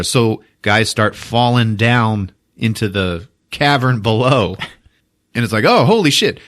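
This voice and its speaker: A man hosts a podcast and retells a movie in loose, profane chatter, with frequent laughter along the way. His voice sits fairly low but swings widely in pitch as he gets into the story, recorded close on a podcast microphone. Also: fairly bright tone. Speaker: podcast host. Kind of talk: comic film recap.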